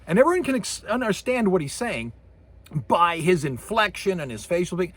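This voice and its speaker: A man giving a recorded university lecture, animated, acting out sound effects with his voice. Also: high-pitched, moderate pace, breathy edge, no room sound.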